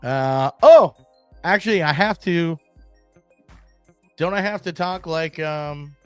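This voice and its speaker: A man hosting a solo podcast in casual, excitable chat, swearing and using slang. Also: fairly high pitch, slow, clean tone, no room sound, soft background music. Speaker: podcast host. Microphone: desk mic, screen-sharing.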